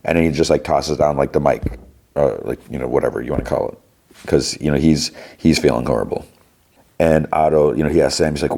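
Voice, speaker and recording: A man hosting a podcast, casually retelling TV scenes in a rambling, halting way. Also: extremely low pitch, creaky, warm tone. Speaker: podcast host. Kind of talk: casual TV episode recap.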